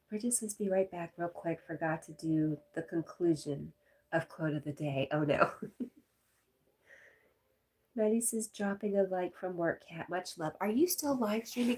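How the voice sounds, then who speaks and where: A woman's voice: on the low side, a little mellow. A woman hosting a casual live stream, reading viewer comments aloud and chatting with a laugh.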